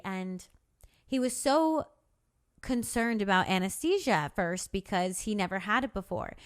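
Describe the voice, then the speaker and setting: A woman's voice: fairly high pitch, fairly bright tone. A young woman hosting a podcast, giving an earnest, faith-based motivational monologue with casual cursing. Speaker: podcast host.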